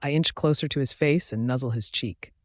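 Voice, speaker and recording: A man narrating a first-person fantasy romance audiobook in a steady storytelling voice. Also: medium pitch, fairly quick, no room sound, studio quality.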